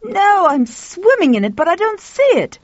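A woman voicing a frustrated man who shouts and complains in a high voice. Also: lively intonation, takes it slowly, dry recording, lo-fi sound. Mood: exasperated. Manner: exasperated outbursts.

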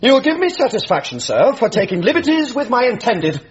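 An actor playing a pompous, jealous young gentleman, stiff and accusing in his speech. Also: very high-pitched, sing-song, a little fast, breathy edge, exaggerated voice. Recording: muffled lo-fi recording.

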